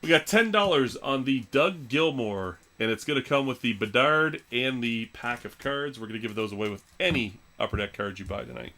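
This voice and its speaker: A man's voice: mid-range voice, lively intonation, moderate pace, hardly any pauses, pushed and bright. A man hosting a live sports card auction stream, joking loosely between calls of prices. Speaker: live card break host.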